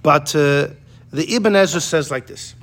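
A man's voice: fairly high pitch, a little slow. A man teaching a casual Torah class to a group, acting out the quotes as he explains them and often restarting his sentences. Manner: animated, acts out quotes, many restarts. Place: classroom with students.

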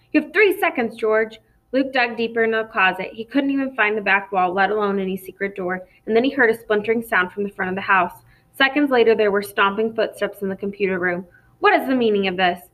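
A woman narrates an audiobook chapter in a steady, measured way. Her voice sits at a middling pitch and keeps an even storytelling pace. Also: low-quality recording. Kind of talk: scripted narration.

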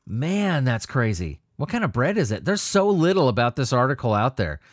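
A man's voice: medium pitch, moderate pace, dry recording, clean studio sound. A man hosting a solo show, reading news stories and ranting about them with constant swearing and stumbling restarts. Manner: profane, animated ranting with frequent restarts. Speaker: podcast host reading news. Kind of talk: solo commentary on news articles.

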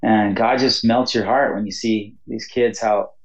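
This pastor and mission leader has a lowish voice and takes his time, heard through a muffled recording. In a relaxed interview he spins lively stories, repeatedly saying "you know" and breaking into laughter.

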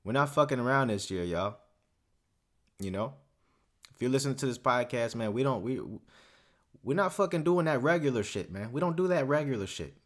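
A man's voice: medium pitch, lively intonation, a little fast, long pauses, a bit bright. A young man hosting a solo podcast, ranting casually in a profane, swaggering, rambling way. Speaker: podcast host.

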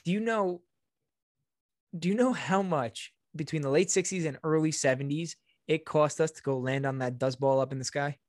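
Brief: joking, sarcastic co-host with a mid-pitched voice, dry close sound. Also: moderate pace, a little mellow, dry recording. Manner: joking, sarcastic riffing with laughter. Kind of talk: casual podcast chat.

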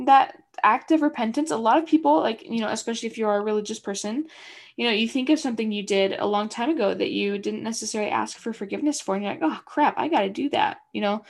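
A woman's voice: a little high, fast talker. A young adult woman co-hosting a podcast, chatty and upbeat, with lots of everyday fillers. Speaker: podcast co-host. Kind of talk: casual conversational chat.

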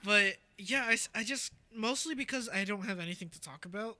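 High bright-voiced young man, dry mic. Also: a little fast, no room sound. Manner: rambling storyteller, self-deprecating, laughs often. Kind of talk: casual chat.

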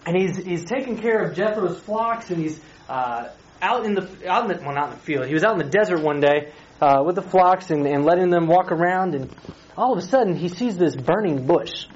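A man's voice: high voice, animated, fairly quick. A man, a youth pastor, retells a Bible story in a chatty, playful sermon and asks his listeners questions. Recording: slightly dull recording with faint hiss.

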